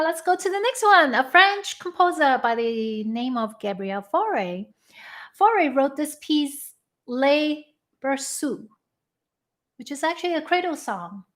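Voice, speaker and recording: A woman violinist speaking casually from her living room between pieces of a live-stream concert, unhurried and full of ums and uhs. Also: sits high.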